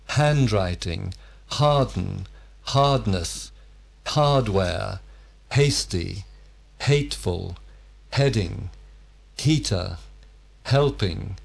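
Male word-list reader: very slow, careful, one word per breath. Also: lowish voice, gravelly. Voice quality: measured, careful enunciation. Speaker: vocabulary reader.

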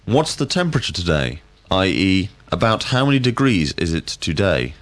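A man teaching vocabulary, asking drill questions in a clear, deliberate way. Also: sits low, sing-song, fairly bright tone. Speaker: language teacher. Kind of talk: scripted drill lesson.

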